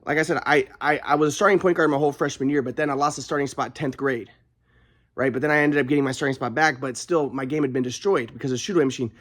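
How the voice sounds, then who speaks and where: A man's voice: mid-range voice, fairly even intonation, fast talker, fairly bright tone. A young adult man vlogging, telling a personal story in a rambling, aggrieved way with frequent restarts.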